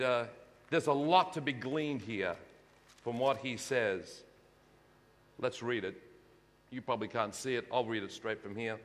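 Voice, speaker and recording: A man's voice: fairly high pitch, pushed and bright. A man preaching a sermon, reading scripture aloud and leading the congregation in call-and-response repetition. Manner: reads scripture aloud with emphatic slowed phrases. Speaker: pastor. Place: church hall. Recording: long reverb of a hall.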